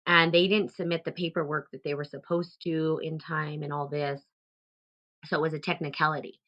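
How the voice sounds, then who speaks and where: A woman hosting a casual talk, rambling along with many fillers and restarts, turning animated as she retells a story. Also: low-pitched, moderate pace, dull audio. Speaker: host.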